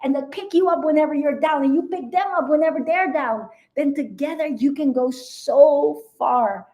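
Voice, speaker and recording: A woman's voice: sits high, normal speed, dark tone. A woman mentor speaking on a motivational live video, earnest and emphatic, often repeating her key phrases.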